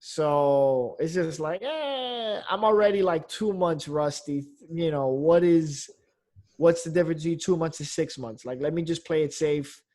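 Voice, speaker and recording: Rambling comedian with a fairly high voice. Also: male voice, moderate pace, a little mellow. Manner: loose, rambling, fillers and mild swearing. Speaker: comedian guest. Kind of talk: casual podcast chat.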